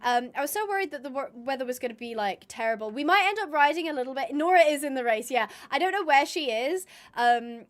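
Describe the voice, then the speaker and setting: A young woman talks through a gaming stream in a loose, rambling way. Her voice sits high, and she fills the gaps with ums, likes and restarted phrases. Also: animated, quick pace, few pauses. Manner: chatty and rambling, with many fillers and restarts. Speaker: streamer and roleplayer. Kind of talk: casual live-stream chat while gaming.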